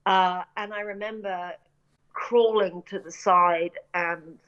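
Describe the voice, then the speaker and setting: Brief: middle-aged British woman, animated storyteller, slightly muffled lo-fi audio. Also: fairly low pitch, slow pace. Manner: animated anecdotes, acts out quoted voices, laughs often. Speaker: actress and screenwriter, interview guest. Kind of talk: casual interview storytelling. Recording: dull lo-fi audio.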